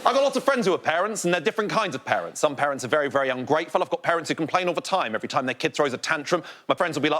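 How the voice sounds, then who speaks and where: A man, a comedian, telling a rambling story in an animated stand-up routine. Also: fairly high pitch, very fast, hardly any pauses. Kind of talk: stand-up routine on a panel show.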